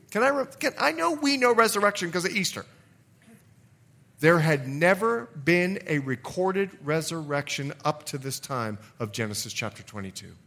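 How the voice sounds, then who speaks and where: Male pastor, sermon, bright ringing tone, voice swinging high and low, reads scripture then comments. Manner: animated preaching, voice rising high on key verses; reads scripture aloud and comments between verses.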